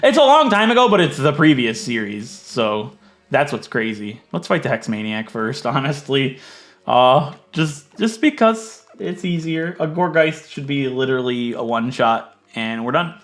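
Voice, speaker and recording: A man giving casual gameplay commentary, chatty and thinking aloud, swinging from low muttering to loud mock outrage. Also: animated, unhurried. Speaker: let's play gaming creator.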